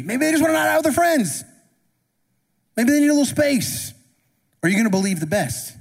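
A high-voiced man preaches in a reverberant church sanctuary, sounding animated and a little fast. The pastor keeps his sermon conversational and asks the congregation questions, with the hall's long reverb audible throughout.

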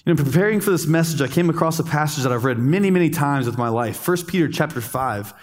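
A man's voice: fairly high pitch, lively intonation, big-room sound. Thirty-something man preaching with humor. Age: 30s. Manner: storytelling with humor, pauses for emphasis. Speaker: pastor. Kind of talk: sermon.

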